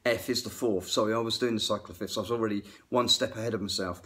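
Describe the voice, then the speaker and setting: A middle-aged man, a guitar tech, chatting to camera about music theory in a rambling, excitable way that often interrupts itself. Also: lowish voice, quick pace. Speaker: guitar tech and aspiring guitar teacher. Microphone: phone camera.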